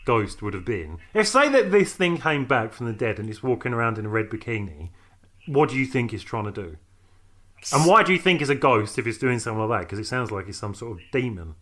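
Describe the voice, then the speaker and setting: A man's voice: mid-range voice, very animated, fairly quick, a bit bright. A British man, co-producer of a paranormal podcast, chatting casually and teasing his co-host with jokey questions. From Britain. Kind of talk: casual chat.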